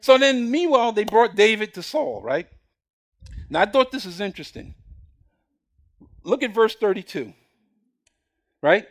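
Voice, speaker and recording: A male preacher giving a lively, humorous sermon in church, acting out scenes and calling someone up from the congregation. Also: high voice, a little slow, long pauses. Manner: animated, jokey, acts out scenes, calls up a boy from the congregation. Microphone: recorded on camera for broadcast.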